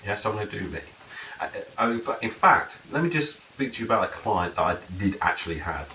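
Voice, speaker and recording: A man's voice: fairly low pitch, big pitch swings, quick pace, sharp tone. Man, rambling explainer, echoey room, voice from a distance. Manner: rambling, acts out client dialogue in raised voices. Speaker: NLP and hypnosis practitioner. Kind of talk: casual explanatory talk. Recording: roomy echo, mic at a distance, faint noise.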